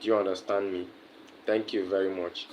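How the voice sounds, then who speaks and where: A man's voice: sits low, little pitch movement, moderate pace, darkish tone, slight background noise, poor audio. A man with a Nigerian accent chatting on a livestream, answering viewers' comments with lots of fillers and repeated words. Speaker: livestream host. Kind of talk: casual livestream chat.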